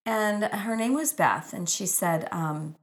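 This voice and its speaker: A woman's voice: mid-range voice, lively intonation, slow. A woman author telling personal stories in an earnest, spiritual, inspirational way, with gushing exclamations. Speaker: author and speaker.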